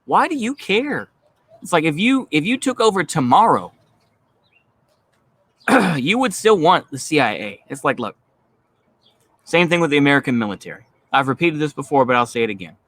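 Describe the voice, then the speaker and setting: A man's voice: a little high, big pitch swings, moderate pace, long pauses, fairly bright tone, dry recording. A man in his thirties with a Texan accent, giving a blunt, profane and dismissive political rant as a vlogger, rambling with lots of fillers. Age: 30s. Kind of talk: casual ranting monologue.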